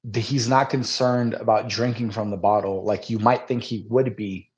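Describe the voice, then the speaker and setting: A man in a casual podcast conversation, thinking out loud. He speaks hesitantly, and his sentences often trail off into quiet. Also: fairly low pitch, steady tone, moderate pace, muffled recording. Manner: thoughtful, hesitant, trailing off softly. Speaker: podcast co-host.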